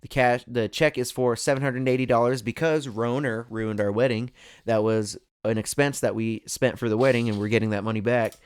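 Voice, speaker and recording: Laughing, animated young male podcast host. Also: medium pitch, fairly quick, few pauses, clean tone. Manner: animated storytelling, laughs often. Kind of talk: casual chat.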